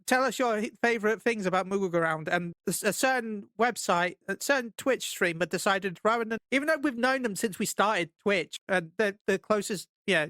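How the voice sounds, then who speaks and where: A man's voice: sits high, normal speed, few pauses, bright, forceful tone, dry recording. A British man hosting a podcast in casual chat, rambling and correcting himself as he tells stories. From Britain. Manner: rambling, self-correcting storyteller. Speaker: podcast host.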